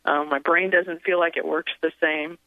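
A woman calling in to a radio show who speaks in a hesitant, halting way. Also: low-pitched, steady tone, dry recording. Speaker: caller. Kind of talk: radio call-in. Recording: tinny phone line.

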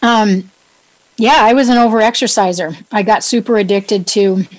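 Woman w/ new england accent, chatty wellness coach talk, upbeat, jokes on herself, medium pitch. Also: normal speed, rough recording. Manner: chatty, upbeat, self-joking, asks listeners questions. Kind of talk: casual solo talk to listeners.

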